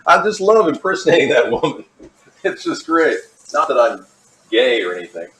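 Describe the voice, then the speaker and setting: A man's voice: on the high side, fairly bright tone. A man demonstrating a recipe in his home kitchen, talking casually, joking and drifting off topic as he goes. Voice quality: rambling and jokey, drifts off topic. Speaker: home cooking vlogger.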